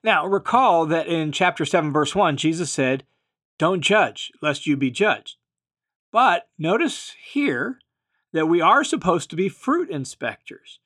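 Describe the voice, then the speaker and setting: A male Bible teacher, his voice a touch higher than usual, speaks in a sing-song, somewhat slow, slightly bright manner as he teaches verse by verse. He patiently explains, then simplifies his wording, pressing emphatically on the phrases that count most.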